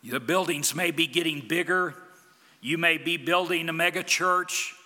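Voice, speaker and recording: A man preaching a sermon as a pastor, emphatic, with big swings from loud declarations to quiet, low lines. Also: measured pace, long reverb tail.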